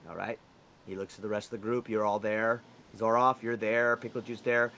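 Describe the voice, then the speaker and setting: A man's voice: fairly low pitch, level tone, a little fast, very noisy. A young man running a tabletop game as game master, explaining loosely and rambling with fillers.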